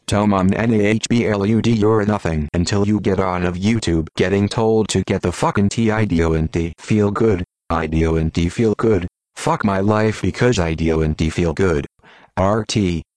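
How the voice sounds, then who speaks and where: A synthetic-sounding man's voice reading out short posts in a monotone, spelling out links letter by letter. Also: low voice, dry recording. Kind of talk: rapid automated read-out of short posts.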